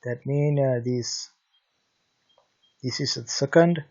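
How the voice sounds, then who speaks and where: A man with a Sri Lankan accent teaching a Pali lesson in English, reading each word aloud and then giving its meaning, with many hesitant pauses. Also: medium pitch, a little mellow. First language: Sinhala. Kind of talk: slow classroom-style language lesson. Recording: dull lo-fi recording.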